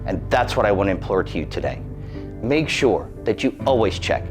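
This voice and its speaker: Low-pitched man in his thirties, earnest and cautionary, sharing a personal safety story. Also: very animated, a little fast, over music. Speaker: employee giving a safety testimonial.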